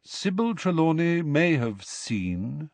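A man voicing a calm, aloof male centaur teacher who speaks in a measured, quietly disdainful way. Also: on the high side, gravelly, no room sound, pitched above the performer's own voice, exaggerated voice.

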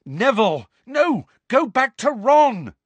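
A man's voice: very high-pitched, very animated, slow pace, no echo, lo-fi sound, voice pushed up, exaggerated voice. A man voicing a cornered, defiant teenage boy who speaks urgently and pleadingly. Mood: desperate.

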